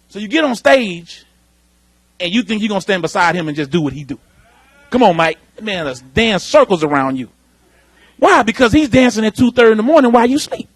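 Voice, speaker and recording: High-voiced husky preacher man. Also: brisk, dry recording. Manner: animated preaching, calls out to the congregation. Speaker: pastor. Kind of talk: sermon. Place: church sanctuary.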